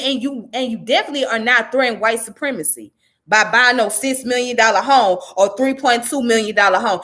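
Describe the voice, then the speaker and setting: A woman's voice: fairly high pitch, expressive, moderate pace, a bit bright. A woman reading a news article aloud and commenting on it with indignant, profane outbursts.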